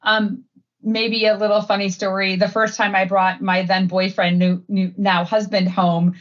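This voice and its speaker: A woman's voice: mid-range voice, little pitch movement, unhurried, dull audio. Chatty middle-aged woman from Wisconsin. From Wisconsin, USA. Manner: chatty, frequent fillers and laughs. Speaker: guest, head of sustainability. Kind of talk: casual interview chat.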